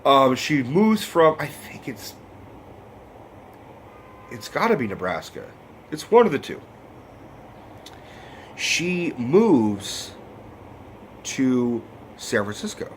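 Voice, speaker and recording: Animated, swearing man ranting about a film. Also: medium pitch, slight background noise. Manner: rambling, profane and emotional. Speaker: movie review vlogger. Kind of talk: casual film review rant.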